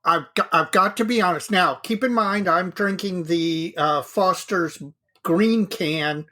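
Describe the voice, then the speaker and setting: A man's voice: sits high, a little slow, bright, forceful tone. Easygoing, self-deprecating male podcast co-host. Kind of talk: casual hobby podcast chat.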